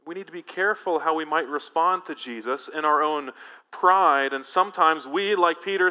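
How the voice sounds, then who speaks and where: A male pastor preaching a sermon in an animated, emphatic way, engaging his congregation directly. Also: fairly high pitch, normal speed.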